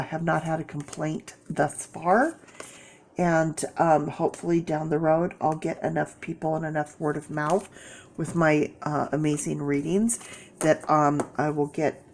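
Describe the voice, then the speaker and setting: A woman's voice: sits low, steady tone, unhurried, darkish tone, a little hiss or hum. A woman doing a casual tarot reading in a chatty, encouraging, rambling way, her voice sick and sniffly. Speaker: tarot reader.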